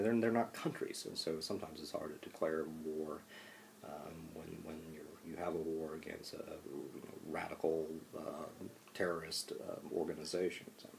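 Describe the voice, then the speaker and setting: A man's voice: extremely low pitch, vocal fry, a little mellow, slight background noise. A man giving a casual classroom lecture, conversational with frequent fillers and restarts. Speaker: college lecturer.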